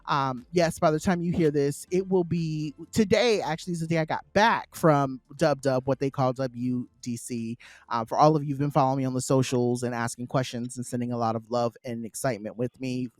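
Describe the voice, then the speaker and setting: A man's voice: mid-range voice, no room sound. Chatty, playful male podcast co-host. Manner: chatty, playful, animated storytelling with many fillers. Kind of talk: casual chat.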